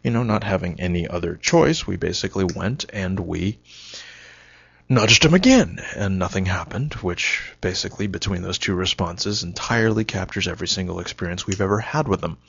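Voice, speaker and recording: A man's voice: deep voice, animated, moderate pace, gravelly, a bit bright, husky, no room sound. A man giving a rambling, self-mocking solo monologue, wry and punchy, on a dull lo-fi recording.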